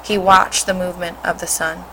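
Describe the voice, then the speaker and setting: A woman with a fairly low voice reads a storybook aloud in a steady, expressive way. She sounds like a teacher reading to a class, with a faint hum behind her. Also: normal speed, rough recording.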